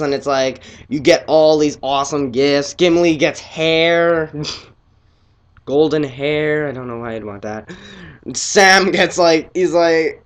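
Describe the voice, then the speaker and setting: A teenage boy casually reviewing a film, excitable and rambling, his voice often trailing off quietly. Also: fairly high pitch, clean tone.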